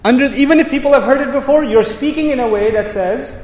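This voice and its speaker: Guy giving a quran lesson, quick, recites arabic bits, long hall reverb. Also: extremely high pitch, a little mellow, slight background noise. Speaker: Quran teacher. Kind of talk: tafsir lecture.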